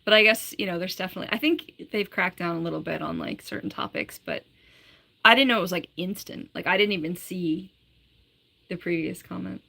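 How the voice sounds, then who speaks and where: A woman's voice: lowish voice, fairly quick, gravelly, sharp tone. A woman hosting her own live stream. She chats casually, reads out viewer comments, giggles often and says "like" a lot. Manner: chatty, giggly, full of "like". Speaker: livestreamer.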